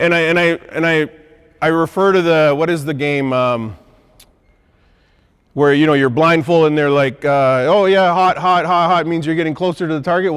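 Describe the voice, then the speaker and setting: A man's voice: high-pitched, long reverb tail. A man coaching basketball on a court and demonstrating moves, checking in with "okay?" and "right?", a little out of breath. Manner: instructive, punctuates points with "okay?" and "right?". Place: gym.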